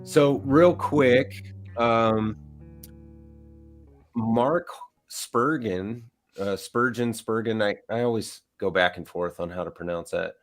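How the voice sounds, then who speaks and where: A man's voice: lowish voice, slow pace, faint music behind. A middle-aged man co-hosting a live stream, chatting casually with lots of fillers. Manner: rambling, filler-heavy. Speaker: co-host. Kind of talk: casual chat.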